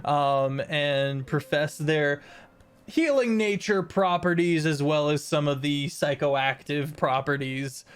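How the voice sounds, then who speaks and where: A woman's voice: sits low, slow pace, smooth. A woman narrating a tabletop role-playing game as game master, casual with many fillers.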